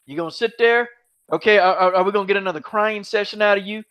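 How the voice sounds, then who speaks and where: Fast-talking and high-voiced, this man has a somewhat bright, clear, resonant tone as he hosts a heated, casual MMA podcast chat. He mocks, repeats himself, and curses freely, all over dull, lo-fi audio.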